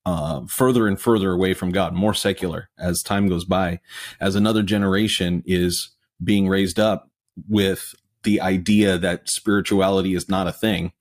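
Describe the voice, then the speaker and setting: A man hosting a conversation, speaking in a fairly low voice. He answers in a measured, thoughtful way with a few fillers. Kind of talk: conversational reply.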